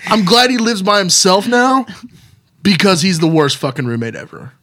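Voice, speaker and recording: Man, slightly high voice, casual podcast chat, animated, profane. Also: normal speed, slight background noise. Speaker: podcast co-host.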